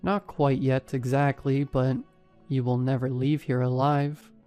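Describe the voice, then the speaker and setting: A man voicing a surly, ragged older French junkie in a horror story, with a French accent and a hushed, blunt way of talking. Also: mid-range voice, little pitch movement, a little slow, smooth, faint music behind, lightly acted. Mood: blunt, ominous. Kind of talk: scripted narration.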